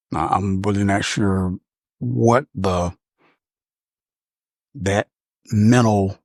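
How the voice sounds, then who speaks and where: A very low-voiced man from talks through a reflective personal monologue. His husky voice moves at an unhurried pace, and he often pauses to find his words. The sound is close and dry. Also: no room sound. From Michigan, USA. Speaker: podcast speaker.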